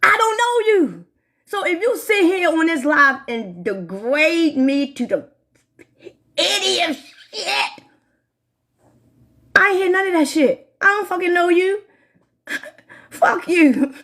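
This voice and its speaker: Woman, 40s, high voice; heated live-stream rant, cursing nonstop at her viewers. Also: fairly bright tone. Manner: heated, swears constantly, talks straight to viewers. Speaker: livestreamer.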